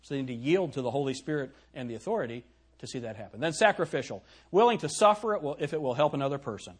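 A man's voice: mid-range voice, lively intonation, quick pace, husky. A middle-aged man preaching a sermon in a church, throwing rhetorical questions at the congregation. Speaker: pastor.

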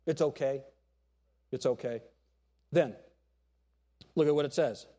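A middle-aged man preaching a sermon to his church, animated, acting out quotes and jokes along the way. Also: mid-range voice, a little slow. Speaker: pastor.

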